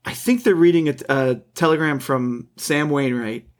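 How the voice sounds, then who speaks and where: A man co-hosting a casual film discussion, halting and restarting as he searches for his words. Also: fairly high pitch. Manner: halting, repeats words while searching for thoughts. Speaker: podcast co-host.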